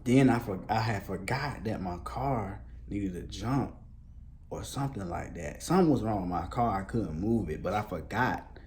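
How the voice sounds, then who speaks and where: A man's voice: fairly low pitch, animated, normal speed, a little mellow, a little hiss or hum. A man telling a casual storytime, talking loosely in street slang with a lot of fillers and swearing. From Columbus, Georgia, US.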